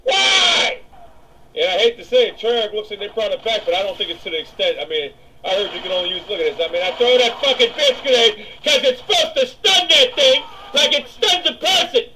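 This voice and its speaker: High, animated man griping over gameplay. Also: fast talker, few pauses, slight background noise, low-quality recording. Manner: exasperated, laughing, shouting. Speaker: gamer commentating gameplay. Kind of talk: gameplay commentary.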